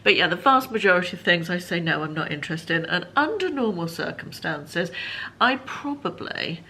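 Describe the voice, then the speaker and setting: A chatty woman in her fifties from England, talking casually to camera at home. Her voice sits a little low but sounds bright and forward. Faint background noise hums under her talk. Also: animated, normal speed. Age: 50s. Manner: chatty, warm-hearted, frequent ums and asides. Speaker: vlogger.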